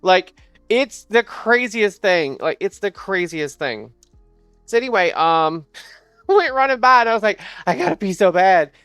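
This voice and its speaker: A woman livestreamer telling a funny work story in casual chat, animated and quick to laugh and swear. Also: mid-range voice, clear, resonant tone, no room sound, soft background music.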